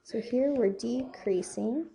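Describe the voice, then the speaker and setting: A woman's voice: on the high side, slow pace, vocal fry, heavy background noise. A young woman giving a casual, chatty whiteboard math lesson, often checking in with "okay?" and joking about her drawings. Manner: chatty, self-deprecating, asks "okay?" often. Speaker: math teacher.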